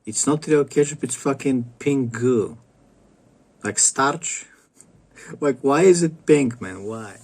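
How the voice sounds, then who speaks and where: A man delivers a profane monologue to camera at an unhurried, dragging pace. He rambles and restarts often, and swearing runs through nearly every sentence. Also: mid-range voice, darkish tone. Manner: rambling, stop-start, heavy swearing. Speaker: vlogger.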